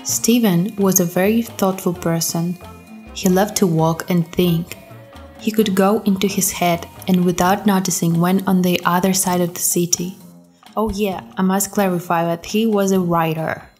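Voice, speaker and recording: A woman's voice: on the low side, fairly even intonation, normal speed. A woman narrating short stories as a storyteller, reading all the characters herself in lightly changed voices. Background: soft background music.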